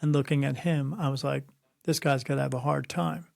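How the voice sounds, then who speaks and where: A man's voice: medium pitch, steady tone, fairly quick, gravelly, no echo, studio quality. A middle-aged man, a spirit medium being interviewed, telling stories bluntly and preachily and acting out the voices of people he quotes. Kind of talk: conversational interview, storytelling.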